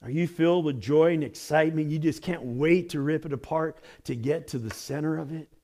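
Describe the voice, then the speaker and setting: A male pastor preaching a sermon with lively delivery, moving between loud exclamations and quiet, hushed asides. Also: on the high side, fairly quick.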